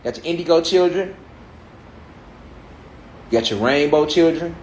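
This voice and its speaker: A man's voice: a little high, unhurried, slight background noise. Emphatic man lecturing in an echoey room. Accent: African American Vernacular English. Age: 30s. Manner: preachy, rhetorical questions, emphatic repetition. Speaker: speaker addressing a gathered audience. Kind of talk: spiritual lecture. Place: large room with an audience.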